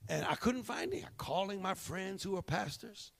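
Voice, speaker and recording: A male pastor preaching a sermon, swinging from hushed, drawn-out lines to shouted ones. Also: sits high, lively intonation, gravelly.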